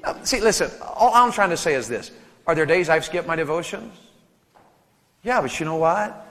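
A man in his thirties preaching a sermon to teenagers at a camp, animated and storytelling, acting out voices and joking with the crowd. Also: high voice, big-room sound.

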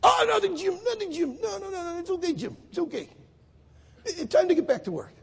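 A man voicing teasing, puzzled male Israeli farm workers in a high, laughing, pleading voice. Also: very animated, fairly quick, creaky, long reverb tail, full character voice. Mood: laughing evasive.

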